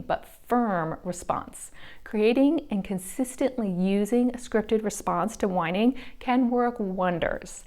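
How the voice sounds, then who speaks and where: Woman reading a parenting explainer, calm and measured, mid pitch, reassuring. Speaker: parenting educator. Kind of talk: scripted educational explainer.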